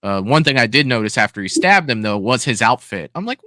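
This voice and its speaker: An easygoing man talks through a fan film, hedging with "you know" as he goes. His tone is bright and forward, and the recording is dry and close. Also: medium pitch, big pitch swings, fairly quick, hardly any pauses, no echo. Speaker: co-host reviewing fan films. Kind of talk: casual review chat.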